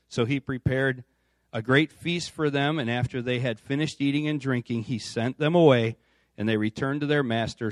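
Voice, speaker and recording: In church, a U.S. pastor gives a relaxed sermon, reading passages aloud and chatting in between. He speaks at a medium pitch, recorded at studio quality with no room sound.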